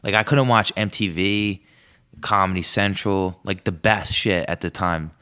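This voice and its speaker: A young man hosting a podcast, telling rambling comic stories, swearing often and jumping up in pitch when he quotes himself. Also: fairly even intonation, unhurried, sharp tone, clean tone. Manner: rambling, swears a lot, jumps high when quoting himself. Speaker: podcast host. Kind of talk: casual comedic storytelling monologue. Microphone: podcast microphone.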